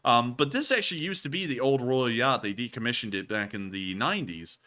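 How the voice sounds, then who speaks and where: Bright-voiced male livestream host. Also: mid-range voice, animated, brisk. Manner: rambling, many filler sounds. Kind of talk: casual livestream chat.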